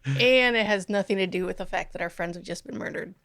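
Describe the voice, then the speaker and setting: This is a woman hosting a casual podcast. Her voice has a gravelly fry and a bright, forward edge, and it sounds dry and close. She talks bluntly and makes wry asides. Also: mid-range voice, fast, no echo. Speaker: podcast host.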